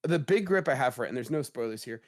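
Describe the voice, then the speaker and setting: A man in his thirties hosting a gaming podcast in a casual, jokey way, his voice a little rough from a cold. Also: mid-range voice, fast. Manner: animated, jokey, rising emphasis. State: slightly rough voice after a cold. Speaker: podcast host.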